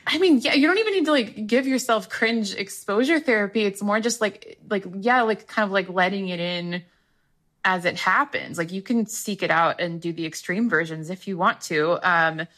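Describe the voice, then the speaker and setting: A woman's voice: medium pitch, normal speed, fairly bright tone. A woman talking as a guest in a casual interview, chatty and peppered with filler words. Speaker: guest author.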